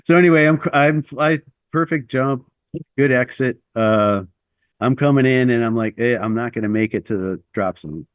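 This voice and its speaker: A man's voice: medium pitch, moderate pace, clear, resonant tone, no echo. A middle-aged man telling a long personal story as an interview guest, rambling and self-deprecating with lots of fillers.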